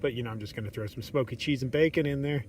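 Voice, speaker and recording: A man's voice: mid-range voice, racing, darkish tone, slight background noise. A man vlogging casually outdoors on a long trail hike, chatting in a rambling way and sometimes dropping to a whisper. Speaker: thru-hiker vlogger.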